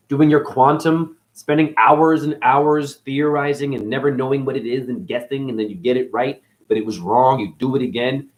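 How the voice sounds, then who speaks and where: Speaking a little high, the channel host rambles through esoteric topics, mixing puns with sudden jumps in volume. His listeners get addressed as honey.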